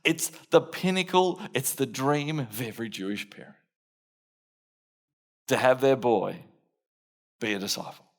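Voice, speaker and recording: Casting: Australian male preacher, in character as a blunt, impulsive fisherman disciple, first-person sermon monologue, mid-range pitch. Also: unhurried, long pauses. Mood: earnest. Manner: earnest first-person storytelling with laughs and self-mockery.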